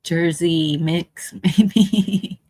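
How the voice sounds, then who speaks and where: A woman's voice: on the low side, very slow, dark tone, no echo. A woman from San Antonio co-hosting a casual live stream, giggly and laughing often. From San Antonio, Texas.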